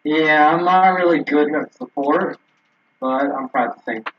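Brief: young male gamer friend, husky voice, animated intonation, muffled voice chat. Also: on the high side, a little slow. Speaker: gaming friend. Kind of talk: casual gameplay banter.

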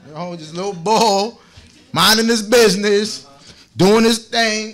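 Upbeat male preacher, joking, laughing, fairly high voice. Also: a little slow, fairly bright tone. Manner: playful, laughing, chatty. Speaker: congregation teacher. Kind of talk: joking sermon talk.

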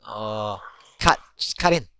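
Excitable young man swearing at a game. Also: fairly low pitch, slow, smooth, no echo. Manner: excitable, swears constantly, shouts at teammates. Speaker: gamer. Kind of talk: live gameplay commentary.

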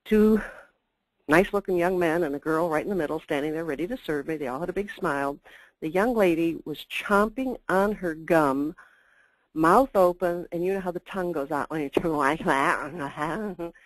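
A woman's voice: on the low side, normal speed, dry recording, rough recording. An older woman giving a chatty, emphatic customer service webinar talk with asides. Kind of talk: webinar presentation.

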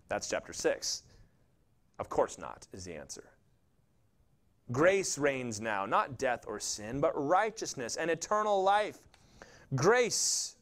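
A man's voice: a little high, takes it slowly, pauses often. A man pastor preaching a sermon in a conversational, jokey storytelling way, acting out quotes in little voices. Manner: animated, acts out quotes and voices.

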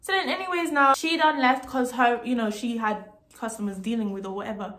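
Animated, indignant young woman storyteller. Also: a little high, a little fast. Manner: indignant, animated, swears freely. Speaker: vlogger telling a story. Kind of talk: casual storytime monologue. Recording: roomy echo.

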